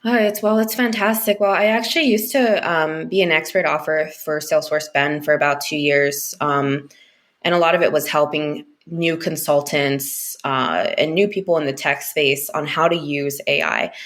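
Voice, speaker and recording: A woman speaking as a podcast guest in a casual interview chat, talking quickly with frequent fillers and easy laughter. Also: low voice, fairly bright tone. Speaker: podcast guest, business analyst.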